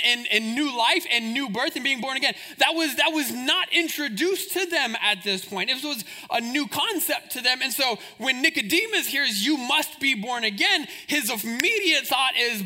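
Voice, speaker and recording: Very high, bright-voiced male pastor. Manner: emphatic and repetitive, building phrases. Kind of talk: sermon.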